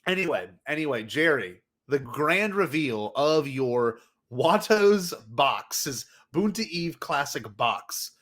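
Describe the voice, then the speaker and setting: A man's voice: a little high, expressive, slow pace, few pauses, a bit bright. A man co-hosting a podcast in casual chat, playful and cutting in with jokes. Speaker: podcast co-host.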